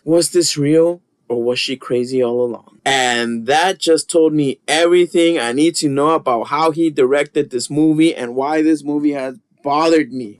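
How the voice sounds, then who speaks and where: A man guest-hosting a podcast, casually retelling a story with lots of swearing and ranting. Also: a little high. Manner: animated storyteller, swears and rants.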